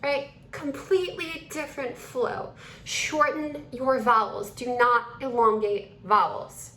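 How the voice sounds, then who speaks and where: A woman's voice: a little high, takes it slowly, a bit bright, reverberant, slight background noise. A young woman voice teacher explaining vocal techniques and switching into a demonstrated male voice to show the difference. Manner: switches between her own and a demonstrated male voice.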